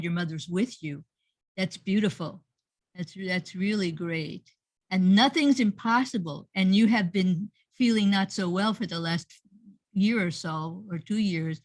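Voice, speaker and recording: On a video call, a woman teaching and hosting an online workshop gives the group encouraging feedback, praising participants effusively and often repeating her words. Her voice sits at a medium pitch and moves at a normal speed, with no echo.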